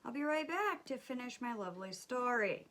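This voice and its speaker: A woman telling a story while doing her makeup, chatty and rambling, with fillers and soft asides. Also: on the high side, expressive, moderate pace. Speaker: beauty vlogger and mother. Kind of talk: casual get-ready-with-me story chat.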